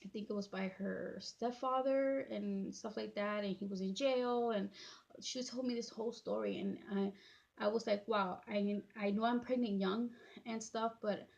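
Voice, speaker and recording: Tearful woman telling a storytime, gravelly voice. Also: medium pitch, steady tone, darkish tone, muffled recording. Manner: emotional, halting, many fillers and restarts. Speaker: vlogger. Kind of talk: personal storytime.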